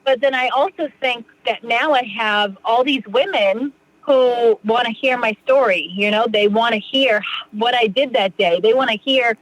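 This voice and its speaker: On a dry, low-quality recording, a slightly high-voiced woman talks about her recovery as a guest on a podcast. She's in her thirties and from Massachusetts, and her casual interview talk wanders, full of restarts and "you know."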